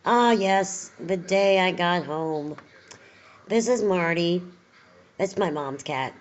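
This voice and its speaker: A woman's voice: on the low side, takes it slowly, muffled recording. A woman chatting casually in a home video update, rambling with many fillers, tired and recovering from surgery. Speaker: vlogger.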